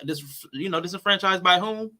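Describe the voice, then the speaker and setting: Very bright-voiced man in his forties. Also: sits high, normal speed. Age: 40s. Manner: gentle interjecting, advising politely. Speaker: host. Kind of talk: moderating a live stream chat.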